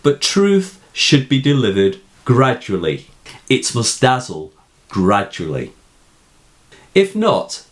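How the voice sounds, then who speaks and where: A man with a British accent, giving a scripted, deliberate analysis of a poem as a teacher. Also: mid-range voice, wildly swooping pitch. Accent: British English. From England. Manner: slow, deliberate, emphatic reading. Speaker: poetry teacher.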